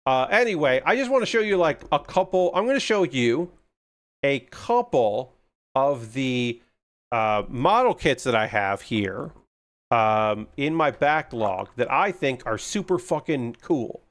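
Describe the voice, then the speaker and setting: A man livestreaming his model kit hobby, chatting casually, muttering to himself and swearing freely, and getting excited about the kits. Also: medium pitch, a little slow.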